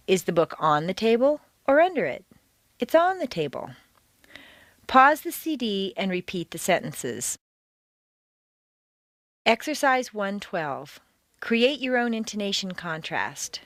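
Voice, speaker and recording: A woman reading a scripted lesson, clear and deliberate, exaggerating stress in her examples. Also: medium pitch, no echo. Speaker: accent coach.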